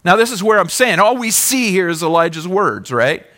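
Animated bright-voiced male preacher. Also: high-pitched, normal speed. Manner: animated, swings from loud exclamations to hushed near-whisper; asks the congregation questions, calls for responses. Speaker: pastor. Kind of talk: sermon.

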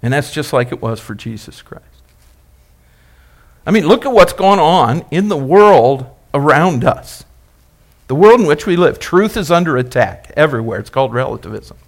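Pastor guy preaching, kinda high voice that jumps all over, repeats lines, keeps asking the crowd stuff. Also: expressive, normal speed. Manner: emphatic, rhetorical questions to congregation; repeats and builds phrases, rising and dropping loudness. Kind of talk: sermon.

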